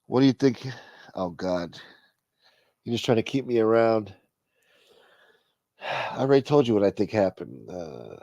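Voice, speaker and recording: A man hosting a live stream, his voice sitting at an ordinary middle pitch. He talks casually and rambles loosely, swearing freely as he tells a story. The sound is dry and close, with almost no room around it. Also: dark tone, no echo.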